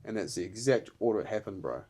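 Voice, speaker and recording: Earnest low-voiced man telling a story. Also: lively intonation, quick pace, mellow. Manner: earnest, emotional storytelling, says "bro" often. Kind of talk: casual podcast chat.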